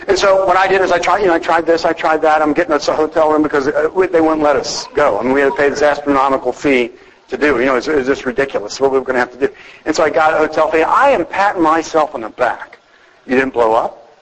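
A middle-aged pastor preaching a conversational sermon on marriage, telling personal stories to the congregation. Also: male voice, a little high, quick pace, in a large hall, poor audio.

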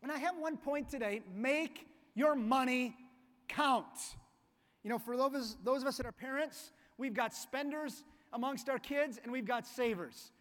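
A man's voice: very high voice, measured pace, a bit bright. A man pastor giving a conversational, storytelling sermon in a church sanctuary. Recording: long reverb of a church hall.

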